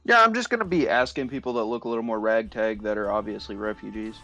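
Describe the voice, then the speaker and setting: A man's voice: on the low side, fast talker, creaky, bright, forceful tone, no echo, soft background music. A man playing a tabletop game, describing his moves in a rambling way full of fillers. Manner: rambling, full of likes and ums. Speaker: player.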